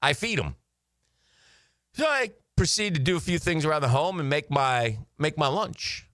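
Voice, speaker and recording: A man co-hosting a sports radio show, telling a story in a lively, animated way with a studio mic. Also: fairly high pitch, normal speed, no room sound. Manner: animated storyteller acting out neighbors' voices. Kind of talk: casual storytelling chat.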